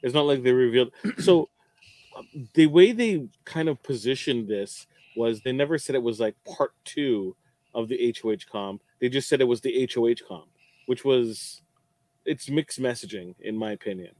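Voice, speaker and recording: A man's voice: mid-range voice, normal speed, darkish tone, no room sound. A man co-hosting a casual reality-TV chat, talking wryly and mocking the contestants. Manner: wry, mocking impressions. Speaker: podcast co-host.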